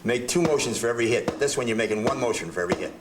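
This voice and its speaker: An older man teaching drum technique, talking in a chatty, halting way with restarts as he demonstrates. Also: mid-range voice, noisy background. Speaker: drum instructor. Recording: drums heard in the room. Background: drum strokes between phrases.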